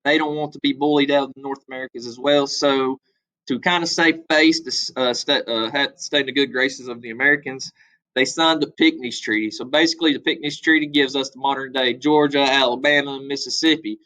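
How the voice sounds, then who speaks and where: A man's voice: medium pitch, fairly even intonation, a little fast, sharp tone, poor audio. A man teaching a casual history review, talking loosely with frequent fillers. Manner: loose, conversational, many "uh" fillers, acts out quotes.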